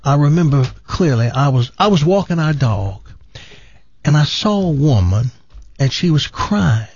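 A man doing an impression of a soft-spoken male TV preacher, telling a story in a gentle, earnest way with slow pauses. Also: on the high side, expressive, husky, no room sound, dull audio, exaggerated voice.

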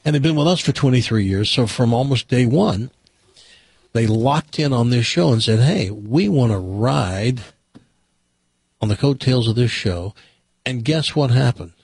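A man's voice: mid-range voice, lively intonation, a little slow, a little mellow, slightly rough, no echo. A man hosting a radio talk show, chatting casually and reading sponsor ads in a folksy, rambling way. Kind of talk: casual radio chat and live read ads.

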